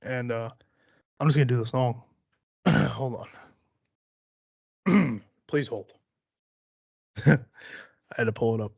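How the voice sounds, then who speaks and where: A man's voice: medium pitch, slow, gravelly, long pauses, a little mellow, slightly rough, no echo, dull audio. A man hosting a podcast in casual chat, rambling and swearing freely, laughing often. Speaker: podcast host.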